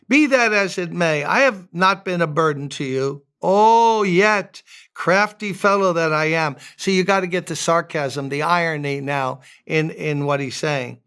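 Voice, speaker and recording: A man with a rather high, smooth and resonant voice gives a devotional sermon as a pastor. He keeps it casual and conversational, with joking asides, and reads scripture passages aloud between them. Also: expressive, unhurried, a bit bright.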